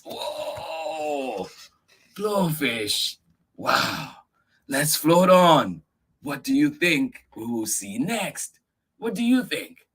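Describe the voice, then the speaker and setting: Slow, husky storytime man. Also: a little high, sharp tone. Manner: exclaiming, asking the listening children questions. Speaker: storytime host reading a picture book to children. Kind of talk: animated read-aloud for kids.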